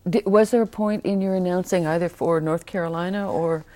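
Soft low-voiced woman interviewer. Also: fairly even intonation, a little fast. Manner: brief reactions and questions.

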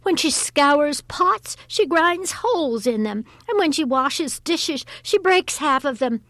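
A woman reading aloud, voicing a frantic housewife who complains in a high, exasperated voice. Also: animated, slow, a bit bright, no room sound, studio quality, exaggerated voice. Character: shrill frantic middle-aged housewife.

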